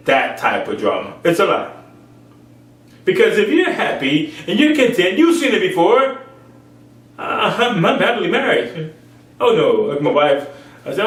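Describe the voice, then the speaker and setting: Man, informal sermon, rather high pitch, very lively intonation, echoey room, distant mic. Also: normal speed. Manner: acts out others' voices in raised tones; repeats phrases for emphasis. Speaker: preacher.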